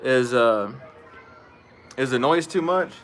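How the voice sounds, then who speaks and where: Outdoors at home, a man hosts a casual fishing livestream, chatting and greeting viewers by name. His mid-range voice is a bit bright, with lively intonation and an unhurried pace, over slight background noise.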